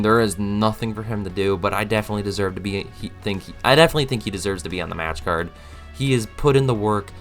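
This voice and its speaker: A young man giving a casual, emphatic opinion monologue as a vlogger, rambling with frequent restarts. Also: lowish voice. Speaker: wrestling commentary vlogger.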